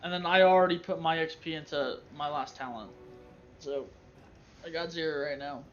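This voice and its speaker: A man playing a tabletop game, chatting in a relaxed, matter-of-fact way. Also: on the high side, moderate pace. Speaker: player. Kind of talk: casual game chat. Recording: muffled voice chat with faint music.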